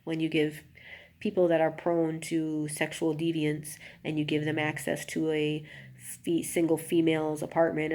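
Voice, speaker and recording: A woman with a lowish voice tells her own story in a confessional vlog, speaking straight to her viewers with many asides. She gets emotional as she talks. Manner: emotional, rising to an anguished near-shout, then subdued. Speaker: vlogger.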